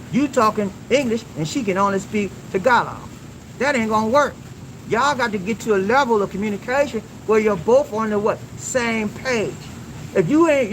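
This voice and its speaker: Against a noisy background, a man with a very high voice hosts a relationship advice talk. He preaches emphatically to his viewers, using call-and-response questions and repeating lines.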